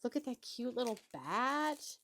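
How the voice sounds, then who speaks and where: A woman's voice: a little high, sing-song, unhurried, gravelly, a bit bright, slight background noise. A married woman hosting a chatty craft-unboxing vlog from her crafting table at home, gushing and gasping over each item. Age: adult, married. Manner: gushing, gasps and exclaims often. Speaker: craft channel host.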